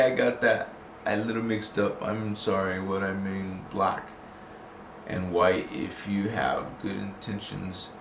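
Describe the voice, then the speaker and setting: Chatty man on a roomy livestream. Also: fairly low pitch. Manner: chatty, laughs often, breaks into chanted made-up words. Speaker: livestream host. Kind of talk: casual livestream chat. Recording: roomy, with faint background hiss.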